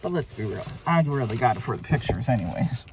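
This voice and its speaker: A woman's voice: rumbling low, lively intonation, brisk, noisy background. A woman vlogger unboxing luxury items in a casual, gushing way, thinking aloud and exclaiming over what she finds.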